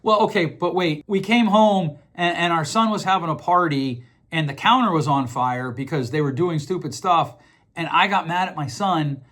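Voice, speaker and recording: A man's voice: fairly high pitch, normal speed, fairly bright tone. A middle-aged man hosting a podcast, explaining ideas in a casual, conversational way, often repeating words as he thinks. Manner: conversational, repeats words while thinking, acts out quoted voices. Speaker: podcast host.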